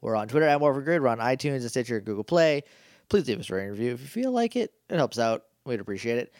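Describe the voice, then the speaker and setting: A man's voice: mid-range voice, big pitch swings, quick pace, darkish tone, no echo, clean studio sound. A man co-hosting a podcast, casually recapping a TV episode, rambling with many restarts. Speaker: podcast co-host.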